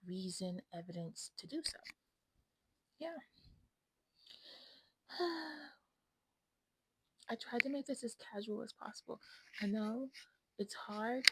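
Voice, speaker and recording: A woman's voice: mid-range voice, breathy edge, dry recording, rough recording. A woman vlogging in a casual, rambling chat to her viewers. She talks bluntly and often drops to a whisper.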